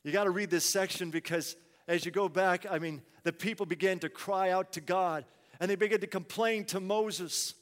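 A man's voice: high-pitched, steady tone, normal speed, long reverb tail. A man preaching a sermon, asking the congregation rhetorical questions and acting out people's complaints.

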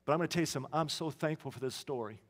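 The pastor, a man with a high-pitched voice, races through a sermon, speaking to his congregation conversationally with asides and restarts. A long reverb from the church hall trails his words.

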